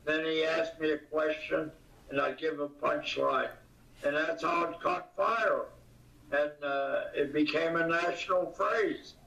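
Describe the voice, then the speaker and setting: An older man, a comedian guest in an interview, talking in a halting way with many pauses and fillers, recorded from a distance. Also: a little high, steady tone, vocal fry, sharp tone. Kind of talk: casual interview. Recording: distant, echoey, dull audio.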